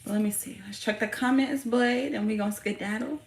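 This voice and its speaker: A woman's voice: fairly high pitch, a little fast, gravelly. Casual, profane woman tarot reader, roomy. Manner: casual, profane, slangy and hyped-up. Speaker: tarot reader and channel host. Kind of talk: casual tarot reading livestream chat. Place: home room with her young son nearby. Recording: roomy echo with faint background noise.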